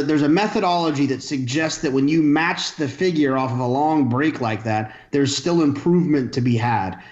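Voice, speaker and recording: A man's voice: mid-range voice, a little mellow, echoey room, lo-fi sound. A man who handicaps horse races on a podcast panel, making his picks with dry sarcastic humor.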